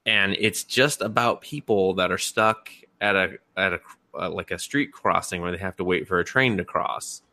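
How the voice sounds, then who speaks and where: A man's voice: low voice, moderate pace, sharp tone, dry recording. A man casually retelling scenes as a podcast co-host, rambling with lots of fillers and laughs. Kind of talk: casual chat.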